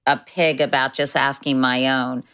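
A woman's voice: rumbling low, little pitch movement, unhurried, a bit bright, smooth. A woman hosting an interview, chatting and putting listener questions to her guest. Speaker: interviewer host. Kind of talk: interview conversation.

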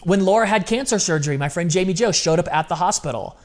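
A man's voice: high voice, lively intonation, quick pace. A man talking as an interview guest, telling personal stories in an emphatic, casual, slang-heavy way. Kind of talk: candid personal storytelling.

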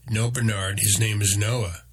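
Man voicing a little meerkat guide, matter-of-fact, slow, husky voice. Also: on the low side, steady tone. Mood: calm. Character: small, knowing male meerkat guide.

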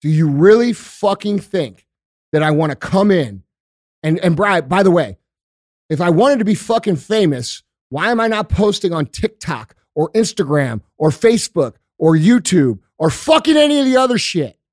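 Profane, ranting man with a high voice. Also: very animated, normal speed, no room sound, studio quality. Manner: profane, emphatic, repeats himself. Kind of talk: heated opinionated rant.

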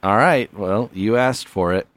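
A man's voice: fairly low pitch, unhurried, very noisy. A man hosting a comedy podcast with call-ins, talking in a mock-earnest, playful way with stammered restarts. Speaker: podcast host.

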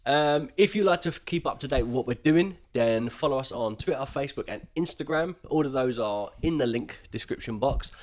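A man's voice: medium pitch, lively intonation, brisk, few pauses. A man co-hosting a podcast in a casual chat, rambling with many ums and restarts. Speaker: podcast co-host.

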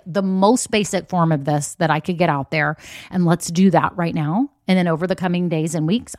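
An energetic woman hosts her own business podcast and speaks directly to her audience. Her pitch sits in the middle range, and she leans hard on key words. The sound is close and dry, as if she recorded it straight into a podcast microphone. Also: no room sound. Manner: upbeat, emphatic, addresses listeners directly. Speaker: podcast host and online business coach. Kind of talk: solo motivational podcast talk.

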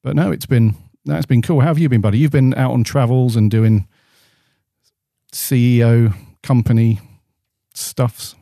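Mellow-voiced man hosting a podcast. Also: mid-range voice, steady tone, measured pace, vocal fry, no room sound, clean studio sound. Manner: laid-back, chatty, lots of fillers. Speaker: podcast co-host. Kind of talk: casual podcast chat. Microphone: studio podcast mic.

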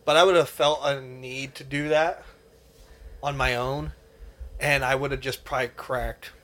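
A man's voice: mid-range voice, fairly even intonation, measured pace, fairly bright tone. A young man co-hosting a podcast, chatting casually in an earnest, rambling way full of fillers. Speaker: podcast co-host. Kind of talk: casual chat.

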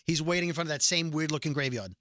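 A man casually recapping a TV episode, telling it in an animated way and acting out the characters' lines. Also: on the high side, very fast, dry recording, studio quality. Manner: animated storytelling, acts out quotes.

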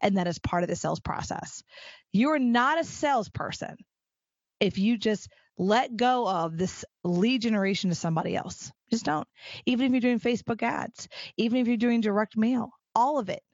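Energetic and emphatic, a middle-aged solo podcast host performs the dialogue she's recounting in a higher-pitched voice at normal speed. The recording has no echo but its highs are cut off.

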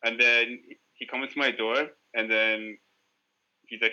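A man's voice: medium pitch, flat delivery, a little slow, sharp tone, clear, resonant tone, muffled recording. A man guesting on a podcast, telling a rambling, profane story in casual chat, full of "like" fillers.

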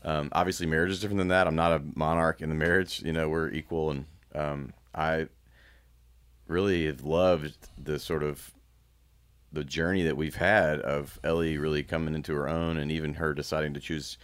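A man in his thirties talking candidly as a guest, reflective and halting, with frequent restarts. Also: very deep voice, little pitch movement, clean tone. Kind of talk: candid personal conversation.

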